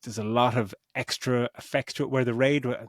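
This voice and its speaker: A man's voice: mid-range voice, steady tone, brisk, dry recording. A middle-aged podcast co-host talks through a film review in a loose, rambling way, swearing freely and acting out his own reactions. His voice is recorded close and dry, with no room sound around it. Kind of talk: casual film review chat.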